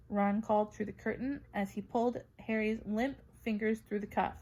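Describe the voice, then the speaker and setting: A woman narrating a children's fantasy novel with expressive reading. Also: mid-range voice, a little fast, vocal fry, few pauses. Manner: expressive, voices characters. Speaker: audiobook reader. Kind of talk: storybook narration.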